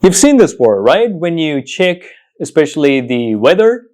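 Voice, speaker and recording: A man teaching English pronunciation in an online lesson, repeating each word several times with slow, emphatic drilling. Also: fairly high pitch, big pitch swings, a little mellow.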